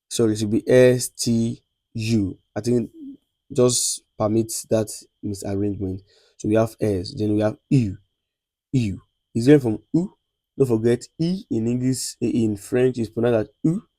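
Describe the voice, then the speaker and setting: A Nigerian man teaches a beginners' class at a slow, measured pace. He repeats each sound for his students and keeps checking they follow. His voice sits low and mellow, in a dry recording. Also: dry recording. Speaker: lecturer. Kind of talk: classroom lesson on French letters.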